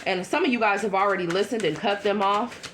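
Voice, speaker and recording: A woman giving a casual tarot reading to her viewers, chatty and blunt, with quick asides. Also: medium pitch, background noise. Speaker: tarot reader.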